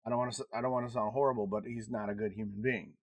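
A man's voice: lowish voice, rapid-fire, no echo. A man co-hosting a podcast, telling stories in casual chat with lots of swearing and laughter. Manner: animated storytelling, swearing, laughing often, big swings in loudness. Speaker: podcast co-host.

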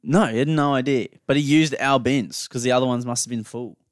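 A man's voice: medium pitch, brisk, dry recording, studio quality. Blunt Australian man on a podcast. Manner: blunt, swears freely, mimics people in anecdotes. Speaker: podcast co-host. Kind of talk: casual podcast banter and storytelling.

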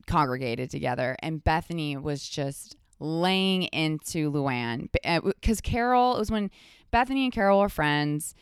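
A woman with a lowish, smooth, resonant voice. As a podcast guest she rambles through animated stories, stumbling and restarting as she goes. The sound is close and dry, with no room. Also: moderate pace, no room sound. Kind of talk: casual chat.

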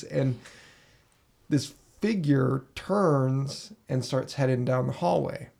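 Gravelly man telling a story. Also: medium pitch, slow pace. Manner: animated, acts out his own reactions with swearing. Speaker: podcast host. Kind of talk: casual storytelling. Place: basement room.

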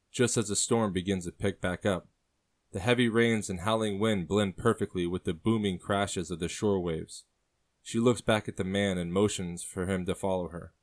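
A man narrating a story aloud in a steady, descriptive reading. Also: low-pitched.

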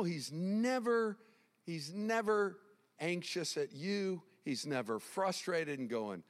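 Animated high-voiced preaching man. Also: slow, long reverb tail. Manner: animated, emphatic preaching with repeated phrases. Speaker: pastor. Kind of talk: sermon. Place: church sanctuary.

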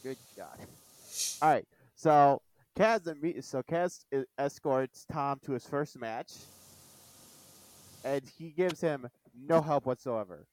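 A man hosting a casual podcast over an online call, retelling cartoon scenes and quoting lines with animated energy. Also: on the high side, slow, no room sound. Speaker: podcast host. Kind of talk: casual chat recapping a cartoon.

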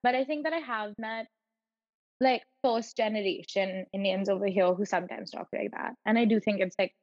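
A woman's voice: medium pitch, normal speed, darkish tone, no echo, long reverb tail, highs cut off. A woman co-hosting a podcast, chatting casually and animatedly, often digressing. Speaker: podcast co-host. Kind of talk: casual chat.

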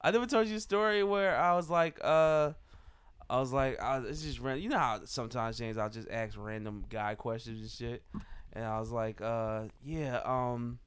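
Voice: medium pitch, normal speed, clean tone. A podcast host in casual chat who tells stories animatedly, laughs often and swears freely.

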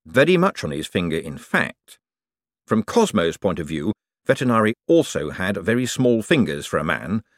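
Male audiobook narrator, animated storytelling with a very dry, close sound. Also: fairly low pitch, dry recording.

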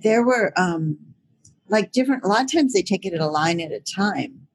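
A woman's voice: medium pitch, animated, normal speed. An older woman voice actor chatting as an interview guest, laughing often and using many fillers. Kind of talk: casual interview chat.

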